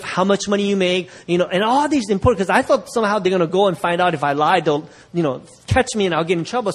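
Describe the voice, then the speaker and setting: A middle-aged man preaching as pastor, telling a story and acting out the voices of people he quotes, often laughing. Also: high-pitched. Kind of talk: sermon storytelling.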